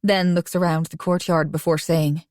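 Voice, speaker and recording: A woman reading a romance audiobook in first person with an even, conversational delivery. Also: sits low, normal speed, no echo, clean studio sound. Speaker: audiobook narrator.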